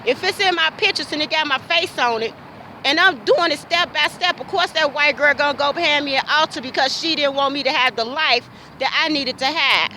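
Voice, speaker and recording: A woman's voice: sits high, fairly quick, sharp tone, slight background noise, poor audio. A woman recording an emotional personal monologue, talking with passion and repeating herself, asking question after question. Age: adult. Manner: impassioned, repetitive, rhetorical questions. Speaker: vlogger.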